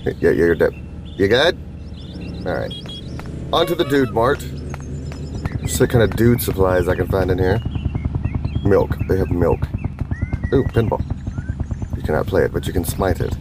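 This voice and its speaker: Goofy, lively man joking through gameplay. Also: deep voice, moderate pace, long pauses, background noise. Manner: jokey, crude, slips into silly voices. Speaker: gaming channel host. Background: game music and sounds.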